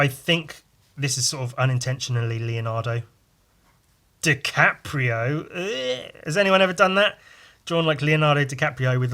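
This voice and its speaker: A man's voice: mid-range voice, sharp tone. A man hosting a podcast, chatting casually and swearing freely while he draws. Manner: chatty, swears casually, laughs at own stories. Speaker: podcast host drawing on stream. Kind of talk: casual rambling chat while drawing.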